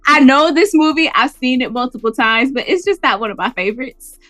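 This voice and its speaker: Animated woman in casual chat. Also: sits high, fairly quick, no room sound, faint music behind. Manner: animated, laughs often. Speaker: podcast co-host.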